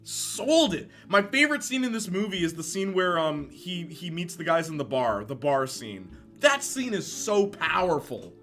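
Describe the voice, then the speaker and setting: A young man streaming casual commentary, animated, laughing often and answering chat. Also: a little high, normal speed, few pauses, faint music behind.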